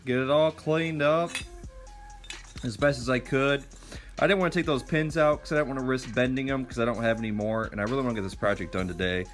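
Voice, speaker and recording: Man, casual workshop chat, mid-pitched voice, rambling explanations, camera mic in a garage. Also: fairly even intonation, brisk, over music. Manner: chatty, explains as he works, uses fillers. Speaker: vlogger building a go-kart.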